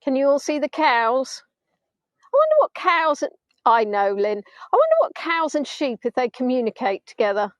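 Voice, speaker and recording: A woman with a bright, high voice talks through a live virtual tour from a beach at sunset, filming on a phone on a gimbal. She rambles cheerfully and mocks herself with playful asides. The sound is dry and close, with no room echo. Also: big pitch swings, moderate pace, muffled recording. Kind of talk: chatty live tour commentary.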